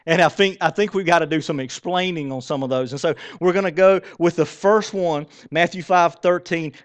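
A man preaching a sermon in a church, conversational and animated, with self-deprecating asides. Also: on the high side, fairly quick, few pauses. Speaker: pastor. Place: church sanctuary.

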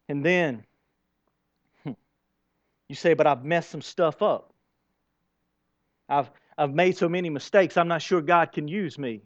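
A male preacher with a high voice delivers a sermon in church. He drifts between quiet, close talk and loud, emphatic bursts. The sound is dry and a bit dull and lo-fi. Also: dry recording. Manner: swings between soft and loud, emphatic storytelling. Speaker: pastor.

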